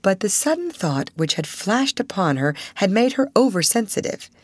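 A woman narrating a classic novel aloud with an expressive storytelling cadence. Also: medium pitch, normal speed, dry recording. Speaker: audiobook narrator.

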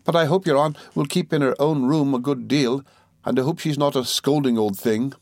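A man voicing a timid, childish young woman who coaxes and pleads in a high, fluttery voice. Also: normal speed, a little mellow, no room sound, clean studio sound, close to an everyday voice. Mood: coaxing.

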